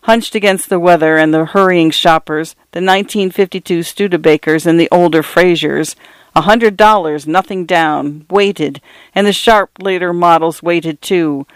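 A narrator giving a measured, expressive reading of a literary story, recorded close. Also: medium pitch, smooth, no room sound.

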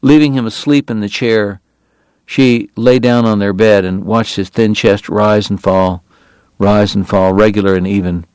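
A man reading a novel aloud in measured, deliberate narration. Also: lowish voice, steady tone, darkish tone, smooth, no room sound. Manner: measured, deliberate, pausing on lists. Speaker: audiobook narrator.

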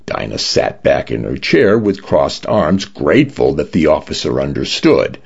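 A man narrating a story in a steady, expressive reading. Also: very deep voice, normal speed, vocal fry, hardly any pauses, slightly rough, lo-fi sound.

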